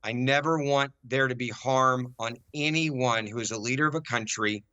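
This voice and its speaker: An American man arguing forcefully as a guest on a political debate show, emphatic and repeating his key points. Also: mid-range voice, normal speed, no room sound, highs cut off. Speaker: panel guest.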